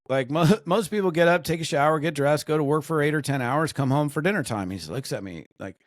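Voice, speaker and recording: A man's voice: mid-range voice, quick pace, hardly any pauses, no echo, clean studio sound. A middle-aged man from the United States, a network marketing trainer chatting as a podcast guest, rambling with fillers and restarts. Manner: rambling, animated storytelling with many fillers and restarts. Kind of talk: casual podcast chat.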